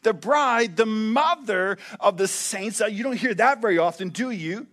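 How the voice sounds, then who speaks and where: Male pastor, high voice, preaching with big swings from emphatic to hushed. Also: normal speed, few pauses. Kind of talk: sermon.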